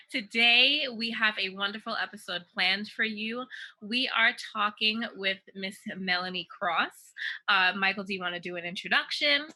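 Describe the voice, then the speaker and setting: A woman's voice: mid-range voice, unhurried, bright, forceful tone, poor audio. A woman co-hosting a podcast, speaking upbeat and giggly in casual chat. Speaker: podcast co-host.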